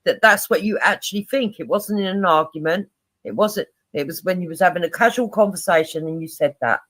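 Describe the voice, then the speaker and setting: A man's voice: high voice, brisk, fairly bright tone, no room sound. A man in casual chat, speaking bluntly and scolding.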